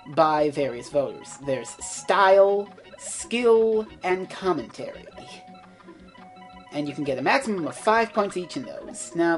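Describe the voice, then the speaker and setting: A woman doing casual let's play commentary, rambling, self-mocking and swearing freely. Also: on the low side.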